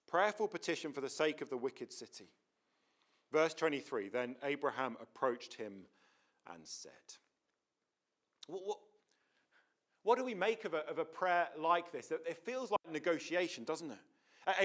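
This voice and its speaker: A man's voice: on the high side, a bit bright. A man preaching a sermon in a church, earnest and emphatic, often restarting his words.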